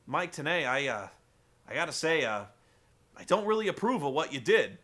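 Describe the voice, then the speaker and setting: A man impersonating a hesitant male wrestling commentator who lectures a colleague with halting stammers. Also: fairly high pitch, very animated, a bit bright, pitched below the performer's own voice. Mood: disapproving.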